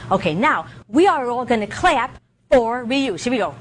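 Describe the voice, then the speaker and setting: A woman leading an interactive lesson for young children, with an animated sing-song teacher voice that swoops high when she praises them. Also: moderate pace, background noise. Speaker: visiting presenter teaching children. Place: school room with children.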